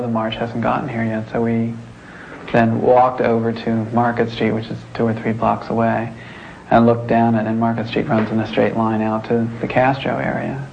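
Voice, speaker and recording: A man's voice: medium pitch, gravelly, slight background noise. A man in a documentary interview, plainly recounting events. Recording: dull lo-fi recording with faint ambience.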